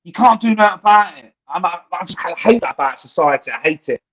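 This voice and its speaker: A man rants and mocks his way through casual podcast banter, swearing freely. His voice sits on the higher side. The recording sounds dull and lo-fi. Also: lively intonation, quick pace, a bit bright. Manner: ranting, swears freely, mocking. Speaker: co-host.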